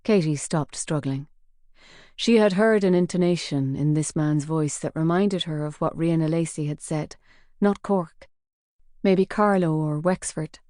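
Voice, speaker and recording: In scripted narration of a crime audiobook, a woman keeps her storytelling measured and even. She has a low voice. The recording is dry and clean, with studio sound.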